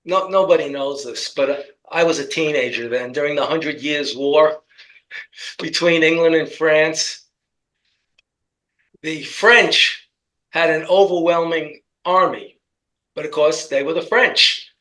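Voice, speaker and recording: A man's voice: a little high, a bit bright, rough recording. A man with a New York accent in casual political commentary, telling rambling stories with jokes. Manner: rambling joking storyteller.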